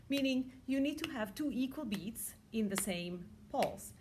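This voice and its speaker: A woman's voice: a little high, lively intonation, moderate pace, few pauses, very noisy. A woman teaching music, talking through how to count rhythms and chanting the beats aloud.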